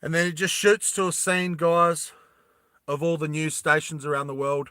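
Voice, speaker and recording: A man casually retelling a movie plot, animated and rambling, often laughing. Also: fairly high pitch, normal speed, clean tone, dry recording, clean studio sound. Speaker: storyteller.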